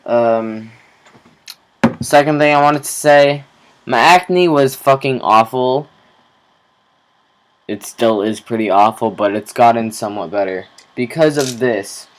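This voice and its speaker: A young man talking slowly in a rambling, casual video diary, swearing offhandedly. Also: mid-range voice, low-quality recording. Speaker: vlogger.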